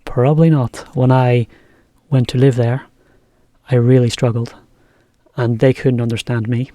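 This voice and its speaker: Relaxed man teaching, mellow voice. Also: medium pitch, measured pace, dry recording, studio quality. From England. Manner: relaxed, chatty, laughs often. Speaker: English teacher. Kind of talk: casual lesson commentary.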